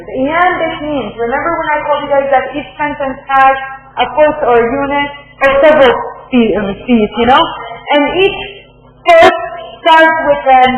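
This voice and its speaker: A woman's voice: sits high, fairly bright tone. A woman university lecturer teaching a literature class, explaining step by step, repeating points and checking in with her students. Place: lecture hall. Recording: very echoey lecture hall with long reverb.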